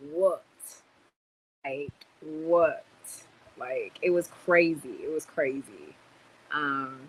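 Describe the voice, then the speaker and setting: A young woman vlogging casually on a livestream, tired and chatty, telling stories with sudden loud exclamations. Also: sits low, low-quality recording.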